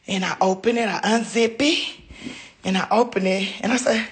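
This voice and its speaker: A woman ranting into her phone camera in casual speech, swearing and breaking into high-pitched wails and shouts. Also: normal speed. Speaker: comedian venting on social media. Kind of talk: ranting selfie video.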